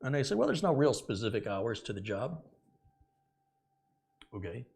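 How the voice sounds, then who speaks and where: A man's voice: mid-range voice, normal speed, vocal fry, slightly rough. A middle-aged man hosting a tech video, casually telling a story from his working life and acting out the dialogue with laughs. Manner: animated, acts out quoted dialogue with laughs.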